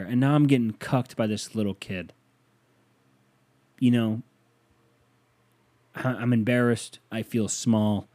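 A podcast host tells a funny story in casual comedic style, rambling and mocking himself, then breaking into sudden angry rants. His voice sits on the low side with a darkish tone and no room sound, recorded in a bedroom with a fan running.

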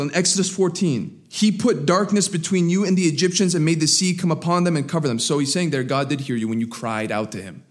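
Man preaching with rising, dropping emphasis. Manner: preaching, swinging between raised emphatic lines and low quiet asides. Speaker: pastor. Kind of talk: sermon.

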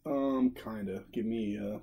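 A young man co-hosting a podcast, joking and laughing through quick quips. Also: on the low side, steady tone, warm tone, slightly rough. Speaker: podcast co-host. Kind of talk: casual podcast banter.

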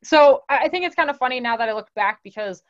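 A woman guest telling stories in a casual interview, animated and rambling, laughing as she goes. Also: high-pitched, fast talker, no room sound. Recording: dull lo-fi dry recording.

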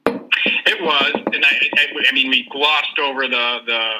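A man's voice: medium pitch, fairly even intonation, measured pace, pushed and bright, low-quality recording. A man with a Buffalo accent co-hosting a sports podcast, laughing easily and making wry asides. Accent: Buffalo, New York. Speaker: podcast co-host. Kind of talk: casual sports chat.

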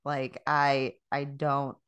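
A woman's voice: rumbling low, flat delivery, extremely slow, fairly bright tone, smooth. A woman co-hosting a casual chat, candid and profane, often laughing as she talks. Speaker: podcast co-host.

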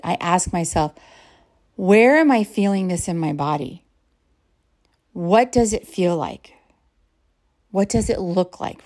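Woman podcast host, middle-aged, mid-pitched, unhurried and gentle, easing now and then into soft whispers. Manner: slow, calm and reflective, drops to soft whispers at times. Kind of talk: guided mindfulness talk.

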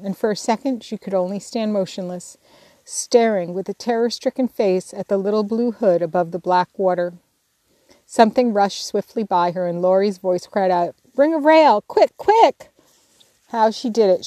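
Woman narrating in a mellow voice. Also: mid-range voice, no echo. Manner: measured, expressive. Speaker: audiobook narrator. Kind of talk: scripted narration.

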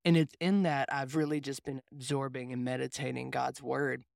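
A man's voice: medium pitch, flat delivery, moderate pace, gravelly, dry recording, studio quality. A young adult man, a mindset coach, telling a reflective personal story in casual faith conversation. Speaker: podcast co-host, mindset coach.

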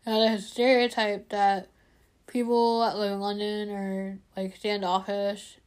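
A woman's voice: medium pitch, little pitch movement, unhurried, a little mellow. Enthusiastic woman chatting. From United States. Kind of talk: casual chat.

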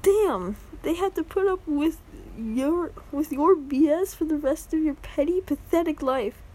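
Girl doing a high loud entitled mom voice, indignant, throwing insults. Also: lively intonation, unhurried, poor audio. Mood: outraged. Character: shrill entitled mother, rude, self-righteous.

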